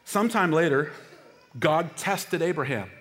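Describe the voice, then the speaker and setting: A man's voice: fairly high pitch, animated, measured pace, fairly bright tone, a little hiss or hum. A middle-aged male pastor preaching a sermon, stressing key phrases and calling on the congregation to repeat lines after him. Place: church sanctuary. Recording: long hall reverb.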